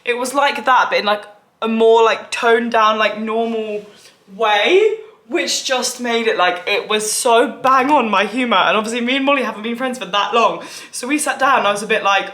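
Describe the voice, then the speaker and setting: A woman's voice: fairly high pitch, a little fast, a bit bright. A young woman vlogging casually, chatty and gushing, with lots of "like". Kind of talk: casual vlog chat.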